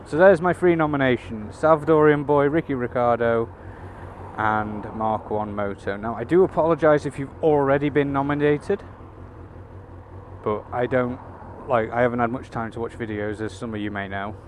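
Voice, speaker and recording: A man with a medium-pitched voice speaks at normal speed in a steady tone. He's a motorcycle vlogger riding through city traffic, chatting casually into his helmet camera mic, swearing freely and tossing in wry asides. Road and engine noise fill the recording.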